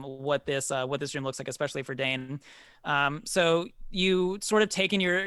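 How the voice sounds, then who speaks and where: Bright-voiced man running a tabletop game. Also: a little high, clean tone, no room sound. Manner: hesitant, many fillers and self-corrections. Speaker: dungeon master. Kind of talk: describing scenes in a tabletop game.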